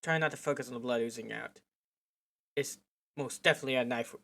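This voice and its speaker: A man reading a visual novel aloud for his gaming channel, breaking off now and then to react with loud swearing. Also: mid-range voice, fast, creaky. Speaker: gaming video creator.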